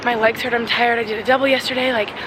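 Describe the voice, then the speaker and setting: A young woman vlogging in a casual, chatty and excitable way, filler-heavy and emotional, filmed on a phone held at arm's length. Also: fairly high pitch, fast talker, noisy background. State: emotional, teary. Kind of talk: casual vlog talk. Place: walking outdoors and driving.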